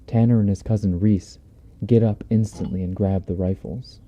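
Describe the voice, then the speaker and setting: A man's voice: fairly low pitch, fairly even intonation, moderate pace, warm tone. A man reading a horror story aloud on a stream in a laid-back, profane, conversational way, close on a binaural mic. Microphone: binaural dummy-head mic.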